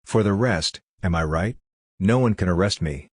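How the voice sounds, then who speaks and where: Low-voiced man reading a novel aloud. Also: moderate pace, husky, dry recording. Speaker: audiobook reader. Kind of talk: literary audiobook narration.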